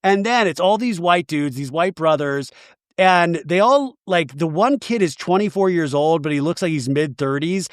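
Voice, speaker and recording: Chatty man with a higher voice, dry sound. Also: normal speed, no echo. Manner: rambling, animated retelling with lots of "like". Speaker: podcast host. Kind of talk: casual chat about reality TV.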